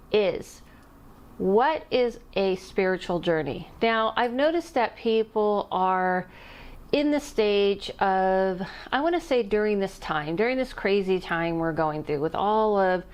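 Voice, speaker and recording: A woman's voice: mid-range voice, clean tone. A middle-aged woman who works as an intuitive medium, chatting casually to camera on her vlog and rambling off topic with little laughs. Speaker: intuitive medium and channel host.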